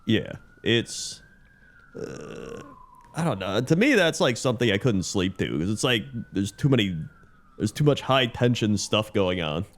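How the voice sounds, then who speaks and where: A man with a lowish voice co-hosting a podcast. He answers in an easygoing, laid-back way during casual chat. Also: big pitch swings, measured pace. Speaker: podcast co-host.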